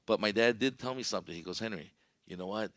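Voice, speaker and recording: A man's voice: fairly low pitch, fast, fairly bright tone, no echo. A man, a podcast guest, telling a long personal story in a casual, rambling way, full of "you know" and "right?". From Southern California.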